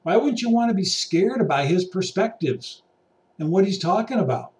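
A man's voice: sits high, lively intonation, normal speed, darkish tone. A man in an exasperated, preachy rant to camera, pacing around a room and swinging between muttering and raised outbursts. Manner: paces about while talking. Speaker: vlogger. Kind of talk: ranting monologue to camera. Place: indoor room. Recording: voice distant from the mic.

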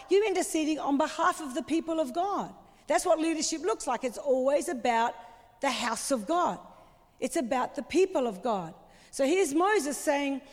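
A woman's voice: sits high, in a large hall. A woman preaching a sermon with passion and strong emphasis.

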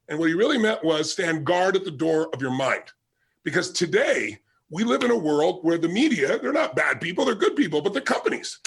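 A man's voice: a little high, sing-song, fairly quick. A man giving a motivational talk with personal stories, emphatic and driving, repeating his key points. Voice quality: gravelly, husky. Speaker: motivational speaker.

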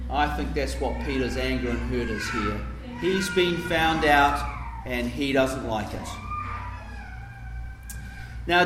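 A man delivering a sermon in an unhurried, reflective manner, pausing and dropping softly as he explains. His voice sits a little high for a man. The room rings with echo and a faint hum of ambience. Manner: reflective, explanatory, with soft dips and hesitations. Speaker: preacher.

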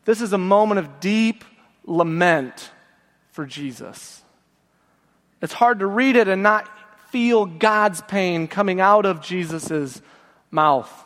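A middle-aged male pastor preaching a sermon, reading scripture with feeling and slowing to a low, soft close at the end of phrases. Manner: slows and drops low at phrase ends. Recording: long church reverb.

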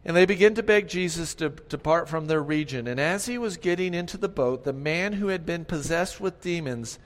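A man preaches a sermon, repeating his key lines and calling on the congregation to respond. His slightly high voice rises from hushed asides to loud, emphatic peaks. A long reverb from the church sanctuary trails behind his words. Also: normal speed. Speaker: pastor.

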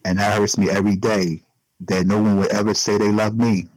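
Sex: man. Role: interviewee. Style: emotional personal interview. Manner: earnest, repeating points for emphasis. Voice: low-pitched. Sound: dry, close. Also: level tone, fairly quick, a little mellow, dry recording, low-quality recording.

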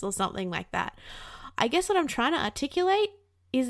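A woman in her thirties talks on a self-help podcast, candid and animated, and she swears freely. Her voice sits a little high. The recording is close and dry, with no room around it. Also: brisk, dry recording. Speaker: podcast host.

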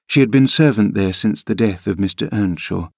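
A man narrating an audiobook in a measured storytelling manner. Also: lowish voice, vocal fry, a little mellow, husky, no room sound, clean studio sound. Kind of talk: audiobook reading.

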